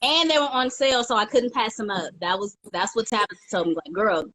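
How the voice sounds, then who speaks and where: Female co-host, slightly high voice, giggly and animated. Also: fast talker, rough recording. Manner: animated, giggly, acts out her inner voice. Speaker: podcast co-host. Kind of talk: casual chat.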